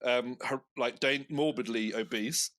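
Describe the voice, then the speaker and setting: A man's voice: mid-range voice, measured pace, a bit bright. A man in his twenties co-hosting a podcast in casual chat, telling self-mocking jokey stories. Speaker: podcast co-host.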